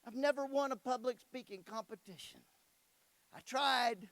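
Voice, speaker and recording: A man's voice: very high-pitched, moderate pace. A man giving a motivational speech to a youth audience, telling stories animatedly and putting questions straight to the crowd. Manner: animated storyteller who acts out dialogue; addresses the audience directly with questions. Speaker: convention speaker.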